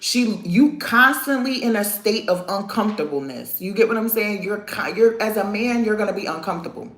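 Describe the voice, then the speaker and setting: A chatty woman in her thirties talks straight to her live viewers in an animated, laughing way. Her voice sits at an ordinary middle pitch. It comes through a roomy, echoey space. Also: brisk. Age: 30s. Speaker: vlogger talking to live chat. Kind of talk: casual live-stream chat.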